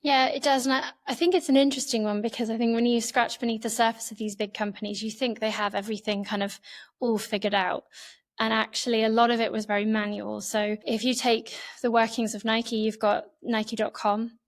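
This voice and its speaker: A woman answering interview questions in a measured way, explaining her points in long, flowing lists. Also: on the high side, little pitch movement. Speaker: interview guest.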